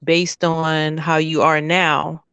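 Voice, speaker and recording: Lower-voiced woman co-host, thoughtful and clinical, dry sound. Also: flat delivery, fairly bright tone, clean tone, no room sound. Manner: measured, speaks in clinical terms. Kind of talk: reflective conversation.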